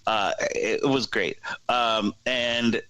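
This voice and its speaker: A man co-hosting a podcast, retelling a movie plot in a casual, animated way. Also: mid-range voice, takes it slowly, crowd noise, poor audio. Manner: animated storytelling with put-on voices for characters. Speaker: podcast co-host. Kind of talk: casual chat, plot recap.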